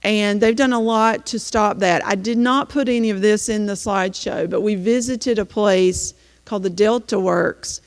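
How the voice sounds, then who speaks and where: A woman teacher walks an audience through her slides and tells the story in an easy, chatty way, stopping often on an "um." Her mid-pitched voice rings out through a large hall with a long reverb tail. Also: fairly even intonation, moderate pace. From North Carolina, US. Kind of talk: slideshow presentation.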